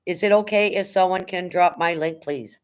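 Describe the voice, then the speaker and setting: A woman's voice: lowish voice, normal speed. Middle-aged woman, livestream host, chatty and rambling, blunt with a bit of swearing. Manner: rambling, chatty, greets viewers by name. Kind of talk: casual livestream chat.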